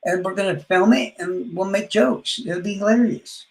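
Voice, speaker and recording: A man brags and trash-talks his rivals on a live stream, profane and swaggering. His fairly high voice has a gravelly rasp and sounds roomy and echoey. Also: normal speed. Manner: boastful, profane trash talk with trailing mumbles. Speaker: livestreamer.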